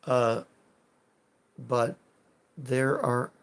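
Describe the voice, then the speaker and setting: A man streams live and chats with viewers in a slow, unhurried, rambling way. His voice carries a gravelly fry, and he's self-deprecating, dropping the odd swear as he goes. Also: medium pitch. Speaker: streamer answering live chat. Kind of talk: casual livestream chat.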